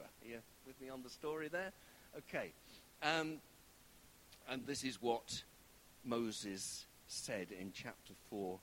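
A man's voice: on the high side, fairly bright tone, slight background noise, poor audio. A man preaching a sermon in a conversational way, often checking in with his listeners and stressing key words.

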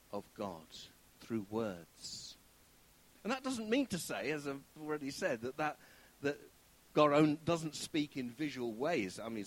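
A man's voice: on the high side, slight background noise, low-quality recording. A man preaching a sermon in a conversational way, often checking in with his listeners and stressing key words.

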